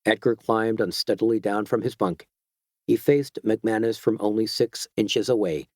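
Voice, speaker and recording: A man narrating an audiobook in a measured, even storytelling voice. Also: on the low side, dry recording, studio quality. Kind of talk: scripted narration.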